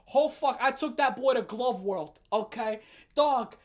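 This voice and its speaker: A woman telling a storytime rant as a vlogger, animated and profane, breaking into loud laughing shouts. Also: a little high, measured pace.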